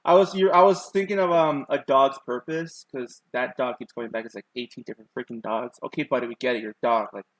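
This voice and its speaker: A young man chats loosely to his viewers while he draws, wandering between stories with plenty of ums and restarts. His voice sits at an ordinary middle pitch. The sound is dry and close, with no room echo. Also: fairly even intonation, a little fast, few pauses. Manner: rambling, many fillers, chatting to viewers. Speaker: streamer. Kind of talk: casual chat while drawing.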